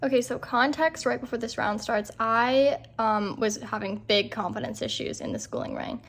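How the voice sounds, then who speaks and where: A woman's voice: a little high, moderate pace, a little hiss or hum. A young woman vlogger and rider, talking in a chatty, self-deprecating way with lots of "like". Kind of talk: casual vlog voiceover and on-camera chat.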